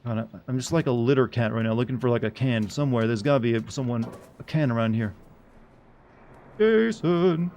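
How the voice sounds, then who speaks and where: A man's voice: medium pitch, steady tone, fast talker, few pauses, a little mellow. A man streaming a video game live, rambling casually, chuckling, and fumbling as he tries out pronunciations.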